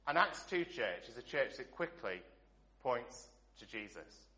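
An English pastor, middle-aged, preaches a sermon in a bright, forward voice of mid-range pitch. He is earnest and sing-song at a measured pace, firing off rhetorical questions one after another and letting each phrase trail off softly.

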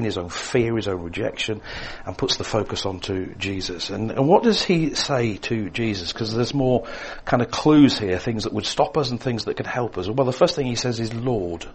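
A man preaching a sermon, swinging between emphatic lines and hushed, quiet ones. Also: lowish voice, moderate pace, hardly any pauses, husky.

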